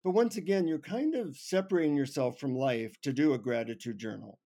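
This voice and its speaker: A man on an interview show telling a funny personal story with lively, self-mocking humor. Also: fairly high pitch, a little fast. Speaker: guest. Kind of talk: anecdotal storytelling.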